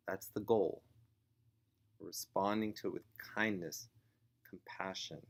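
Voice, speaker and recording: A man teaching parents, explaining child behavior gently and acting out a parent and child as he goes. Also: low-pitched, fairly even intonation, gravelly. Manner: slow, gentle, acts out parent and child voices. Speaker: family sign language teacher.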